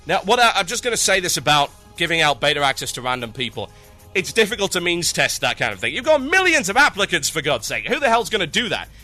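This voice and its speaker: A man's voice: sits high, sing-song, fast talker, bright, forceful tone, faint music behind. A young man hosting a solo gaming podcast, talking casually in a blunt, opinionated, ranting way. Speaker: podcast host.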